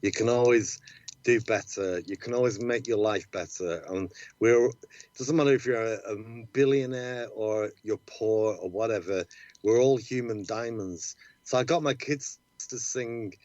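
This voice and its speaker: A man's voice: mid-range voice, a little slow, a little mellow, no room sound. An Englishman guest in casual chat, rambling and repeating himself, laughing easily. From England. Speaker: musician guest. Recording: dull lo-fi sound.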